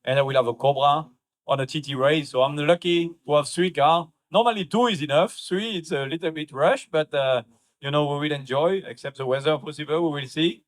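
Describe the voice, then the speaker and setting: A man with a French accent answering interview questions as a racing driver, in relaxed, halting phrasing. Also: on the high side.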